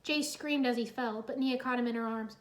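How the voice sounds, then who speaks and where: A woman narrating a children's adventure story in a lively, expressive read-aloud. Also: a little high, a little fast.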